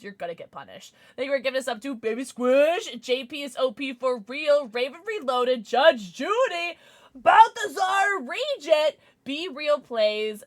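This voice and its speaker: A woman livestreamer chatting casually and thanking subscribers, excitable, giggly and often apologetic. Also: high-pitched.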